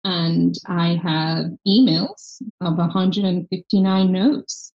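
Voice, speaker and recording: Woman with a softened Irish accent. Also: fairly low pitch, slow pace, dull audio. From Ireland. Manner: animated storytelling, acts out quoted dialogue. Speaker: guest, health tech founder. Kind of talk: casual interview chat.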